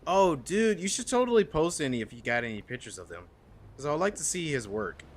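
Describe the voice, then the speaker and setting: A man streaming a horror game, chatting casually with his viewers and reacting with quick laughs. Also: on the high side, sing-song. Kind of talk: casual gameplay commentary.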